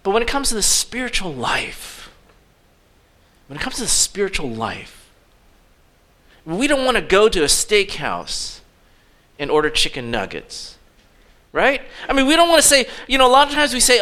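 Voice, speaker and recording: High, bright-voiced man preaching. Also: normal speed, pauses often. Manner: conversational, animated storytelling with acted asides. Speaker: pastor. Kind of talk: sermon.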